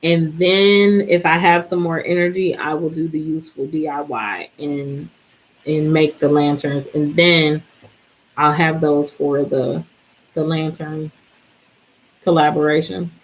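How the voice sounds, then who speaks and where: Tired lady vlogger rambling along, lowish voice, keeps trailing off. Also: steady tone, a little slow, low-quality recording. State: exhausted, yawning. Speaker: DIY vlogger. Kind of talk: casual chat.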